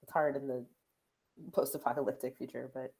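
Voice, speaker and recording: Low-voiced, hesitant woman player. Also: level tone, a little fast, warm tone, a little hiss or hum. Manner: hesitant, full of filler words. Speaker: tabletop game player. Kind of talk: casual in-character banter.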